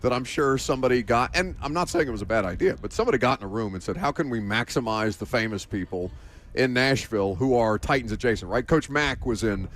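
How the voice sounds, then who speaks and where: A man's voice: medium pitch, lively intonation, quick pace, a bit bright. A man hosting a sports radio show, bantering casually with co-hosts, joking and laughing often with rambling restarts.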